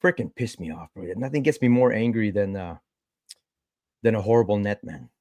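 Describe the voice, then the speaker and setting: An excitable man hosting a casual podcast, swearing freely and calling everyone bro. His pitch leaps up and down as he gets worked up. The sound is close and dry. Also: normal speed, no room sound, highs cut off. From Canada. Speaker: podcast host. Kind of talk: casual chat.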